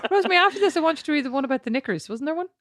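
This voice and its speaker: An Irish woman co-hosts a podcast in a raised, very animated voice. She teases her co-host and laughs easily while she reads the mail. The sound is close and dry. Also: high-pitched, racing, no room sound. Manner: playful, teasing, laughs easily. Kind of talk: casual chat, reading listener messages aloud.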